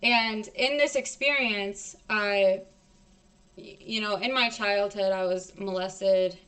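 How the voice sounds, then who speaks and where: A woman's voice: medium pitch, slow pace, a bit bright, smooth. A young woman telling a personal story on a stream in a blunt, heavily profane, emotional and emphatic way.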